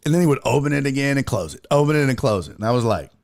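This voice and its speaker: A podcast host on a sports talk show speaks very fast in a creaky, mid-range voice. He's animated and profane, telling a casual comedic story and putting on voices for its characters.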